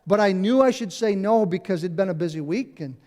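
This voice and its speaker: A man's voice: high-pitched, expressive, a little fast, darkish tone. A middle-aged man, a pastor, preaching a conversational sermon in a church, repeating key phrases and adding asides. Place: church sanctuary.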